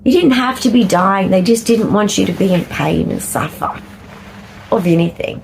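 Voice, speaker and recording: A middle-aged Australian woman vlogging candidly, rambling and laughing often, sometimes dropping into a soft whisper. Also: medium pitch, animated, normal speed, vocal fry, slight background noise, rough recording. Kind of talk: candid personal vlog talk.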